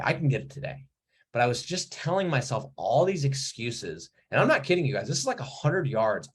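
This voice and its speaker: A man's voice: mid-range voice, husky. A man in his thirties giving a blunt, profane motivational talk to his viewers, telling a story with rising emphasis. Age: 30s. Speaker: mentor. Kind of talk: casual motivational talk to camera.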